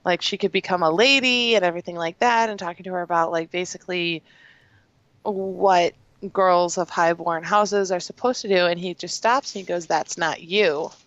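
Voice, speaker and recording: A young woman co-hosting a podcast, chatting through a TV recap. Her voice is smooth and clear, and the recording sounds dry and a little dull. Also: on the low side, steady tone, moderate pace, fairly bright tone, dry recording. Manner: chatty retelling with bits of quoted dialogue. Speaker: podcast co-host. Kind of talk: casual chat recapping a TV episode.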